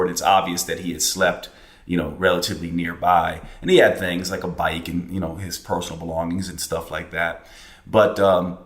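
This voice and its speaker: A man's voice: low-pitched, steady tone, moderate pace, a bit bright, roomy sound. A man hosting a podcast, telling a personal story in a casual, reflective way with plenty of fillers and restarts. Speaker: podcast host.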